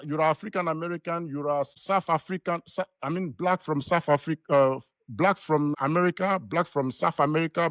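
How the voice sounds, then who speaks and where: Brief: man, slightly higher voice, stop-start rambling talker, dry close sound. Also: no room sound. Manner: rambling, repeats words, many restarts. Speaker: panel guest. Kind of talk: live online panel discussion.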